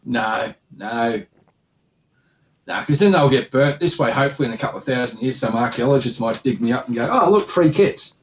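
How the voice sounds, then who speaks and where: Australian male podcast co-host, easygoing, quick to laugh, mid-range voice. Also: mid-range voice, a little hiss or hum, rough recording. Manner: laughs easily, short agreeing replies. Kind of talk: casual chat.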